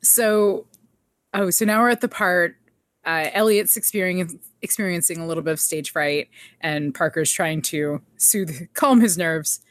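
A woman's voice: lowish voice, a little slow, no echo. Woman co-host, chatty recapper with a light laugh, dry close sound. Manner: chatty, laughs often, quotes characters. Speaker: podcast co-host. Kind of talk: casual recap chat.

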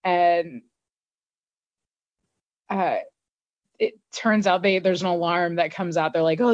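A woman's voice: lowish voice, darkish tone, no room sound. Woman, podcast co-host, chatty, lots of fillers, lo-fi sound. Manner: chatty, filler-heavy, quick to laugh. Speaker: podcast co-host recapping a TV episode. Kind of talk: casual chat. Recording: dull lo-fi dry recording.

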